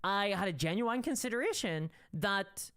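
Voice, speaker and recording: Woman streamer, casual stream commentary, ranting, opinionated, restarts a lot, very lively pitch. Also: normal speed, clean tone. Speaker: streamer reading chat.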